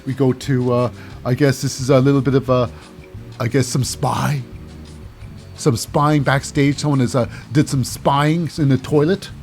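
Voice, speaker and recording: A man's voice: mid-range voice, fairly even intonation, unhurried, darkish tone, faint music behind. A man casually recapping a wrestling show, rambling with lots of fillers and snarky asides.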